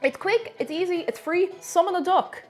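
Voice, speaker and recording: A woman's voice: very high voice, moderate pace, soft background music. A woman chatting playfully with viewers as a streamer while she bakes on a live stream. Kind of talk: casual chat while baking on a live stream.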